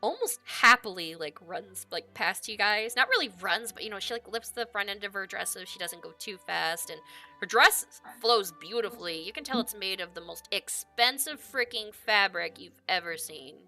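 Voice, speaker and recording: A woman game master narrates scenes for her players in a casual, descriptive way, often padding with "like." Her voice is bright and sits at an ordinary pitch. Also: lively intonation, normal speed, faint music behind. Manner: casual, descriptive, many "like" fillers.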